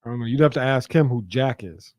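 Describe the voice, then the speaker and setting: A man's voice: medium pitch, fast, a little mellow, dry recording. A man co-hosting a podcast in casual chat, opinionated and profane on a close studio mic. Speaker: podcast co-host.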